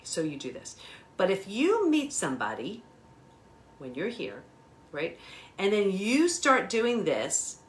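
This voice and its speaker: A middle-aged woman speaking as an interview guest, explaining emphatically and animatedly while gesturing as she talks. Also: medium pitch. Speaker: guest expert on betrayal recovery.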